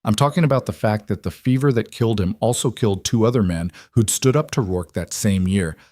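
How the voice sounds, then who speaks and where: Guy doing a calm rancher, low and quiet, just matter of fact. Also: fairly quick, no echo, clean studio sound, lightly acted. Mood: earnest.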